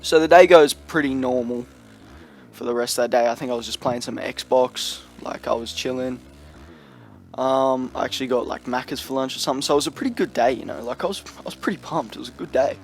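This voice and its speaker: A man's voice: medium pitch, brisk, vocal fry, slight background noise. A young man telling a story in a loose, rambling storytime vlog, full of slang and fillers. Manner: rambling, slangy, lots of "you know" and "like". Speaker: vlogger.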